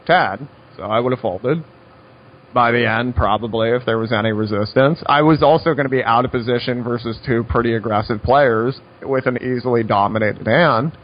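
In lo-fi sound, a poker coach gives instructional talk in a conversational style, weaving in stories and wry, dry asides. He speaks at a moderate pace in a mid-range voice.

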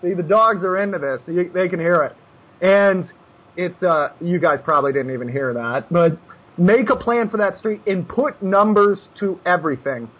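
A man coaching poker in casual chat, brash and animated, given to joking rants. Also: high voice, moderate pace, slightly rough, highs cut off.

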